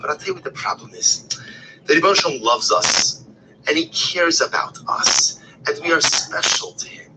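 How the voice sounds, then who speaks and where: A man teaching a text-based Torah class, talking expressively, often repeating phrases and asking rhetorical questions, and sometimes dropping to a hushed whisper. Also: a little high, moderate pace, background noise. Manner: expressive, shifts between loud emphasis and hushed whispers.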